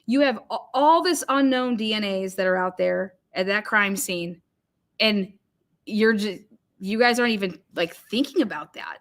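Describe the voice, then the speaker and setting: A woman's voice: medium pitch, normal speed. A woman from Ohio hosting a live stream, ranting angrily with profanity and frequent restarts, and reading viewer comments aloud. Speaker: livestream host.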